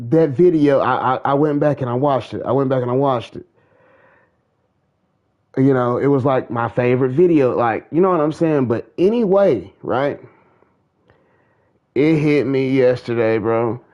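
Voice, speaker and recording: A man with a medium-pitched voice speaks a little slowly on his gaming channel, giving a casual monologue about faith and a breakup in a drawling, slangy, testimony-like way. The streaming mic sounds dull and lo-fi.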